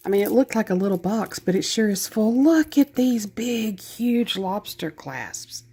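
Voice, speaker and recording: Slow, gravelly-voiced Southern woman gushing. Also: medium pitch, lively intonation, warm tone. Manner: gushing, self-deprecating, chatty. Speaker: crafter opening a gift package. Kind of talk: casual unboxing chat.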